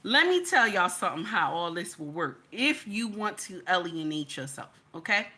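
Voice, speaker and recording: A woman's voice: fairly low pitch, very animated, moderate pace, bright, forceful tone. A woman, hosting a livestream and lecturing her chat in an emphatic, repetitive way. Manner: preachy, repetitive, emphatic, says "okay?" often. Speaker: livestream host.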